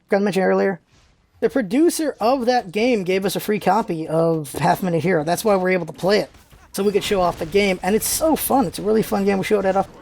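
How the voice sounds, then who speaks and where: A man's voice: sits high, quick pace, creaky, a little mellow. A man hosting a casual vlog, rambling loosely with many fillers and restarts. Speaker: vlog host. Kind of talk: casual chat.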